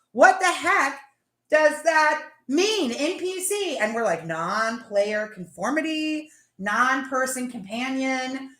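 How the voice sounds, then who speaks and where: A woman hosting a casual live chat, talking fast and laughing as she tells stories. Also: high voice, fairly bright tone, echoey room. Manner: chatty, laughing, tells stories with acted-out quotes. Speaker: livestream host.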